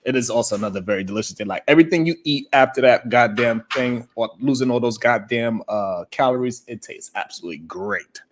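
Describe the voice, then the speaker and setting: A man hosting a morning talk show, telling a story in a casual, animated way and swearing freely. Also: mid-range voice, fairly quick, hardly any pauses, a little hiss or hum.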